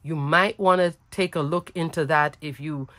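A woman's voice: low-pitched, steady tone, normal speed, a bit bright, dry recording. A woman hosting a crafting video, talking in a bubbly, chatty way with a smile in her voice. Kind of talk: casual product walkthrough.

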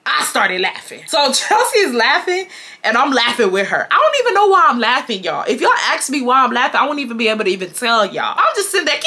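A woman in her twenties from Houston, telling a storytime to her viewers in a chatty, animated way and calling them y'all. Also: high voice, quick pace. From Houston, Texas. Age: 20s. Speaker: storytime vlogger.

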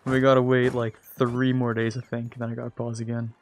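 A man's voice: mid-range voice, monotone, a little fast, a little hiss or hum. Young man chatting over a strategy game. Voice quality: chuckles often, thinks aloud with fillers. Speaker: host playing a strategy game. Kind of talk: casual gaming chat.

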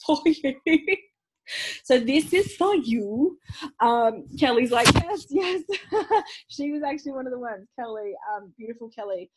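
A woman coaching other mums on an online call, giving a chatty sales pitch for her program, bubbly, swearing freely and laughing often. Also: husky, rough recording. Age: young adult. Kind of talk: live webinar sales pitch.

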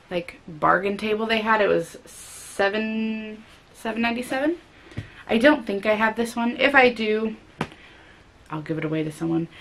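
Woman, book haul chat, bright tone, touch of vocal fry, excitable. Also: fairly high pitch. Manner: chatty and excitable, with fillers. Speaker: book vlogger.

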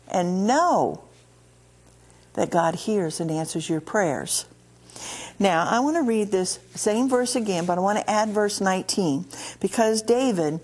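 A woman with a Midwestern American accent hosting a TV ministry and teaching from the Bible, earnest, slowing down and repeating key words of scripture. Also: mid-range voice, darkish tone. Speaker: TV ministry host. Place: TV studio.

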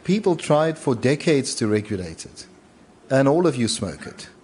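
A man's voice: medium pitch, sing-song, moderate pace, a little mellow, slight background noise. Emphatic man on a conference panel. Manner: emphatic, repetitive, rousing. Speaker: panelist, media owner. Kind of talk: panel discussion. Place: large conference hall.

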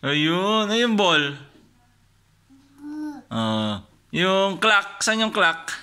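A man's voice: high-pitched, sing-song, very slow, bright, forceful tone, clean tone. A man with a Filipino accent patiently quizzing his young child with picture cards, asking questions and praising each right answer. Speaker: father teaching his child. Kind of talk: coaxing flashcard quiz with a toddler.

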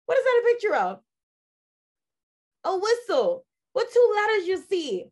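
A woman teacher leading a phonics lesson for young children, drilling sounds in a slow, sing-song way while losing her voice. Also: very high voice, huge pitch swings, darkish tone. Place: classroom video lesson.

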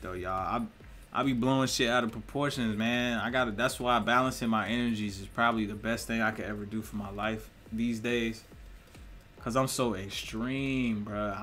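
A young male musician rambles through a casual monologue, telling stories packed with cursing, slang and laughter. His voice is on the low side and a bit bright.

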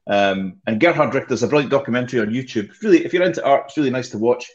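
A man's voice: mid-range voice, expressive, racing. A man with a Scottish accent chatting casually on a web show panel, joking at his own expense and laughing often over a video call mic. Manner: jokey, self-mocking, laughs often. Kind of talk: casual chat. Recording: dull lo-fi video call audio.

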